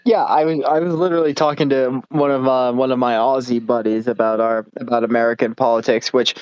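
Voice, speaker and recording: A man's voice: medium pitch, fairly even intonation, fairly quick, a little mellow, clear, resonant tone, no room sound, dull audio. A man co-hosting a comedy podcast, chatting casually with dry, sarcastic asides. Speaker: podcast co-host.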